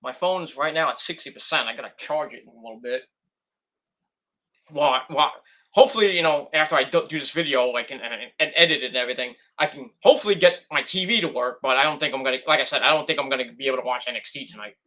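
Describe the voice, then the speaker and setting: This man reviews wrestling on his vlog, speaking fast in a mid-range voice that's bright and forceful. He rambles casually, curses freely, and wanders onto tangents.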